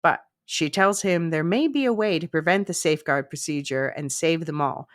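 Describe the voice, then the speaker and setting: A woman's voice: low voice, normal speed, dry recording, studio quality. Woman host recapping a TV episode. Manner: chatty, laughs often, recaps plot at a steady clip. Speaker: podcast host. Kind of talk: casual podcast chat and episode recap.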